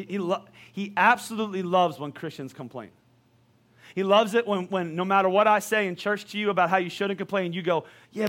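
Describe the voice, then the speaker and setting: High-voiced male pastor preaching. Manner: lively, conversational preaching with rhetorical questions. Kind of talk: sermon.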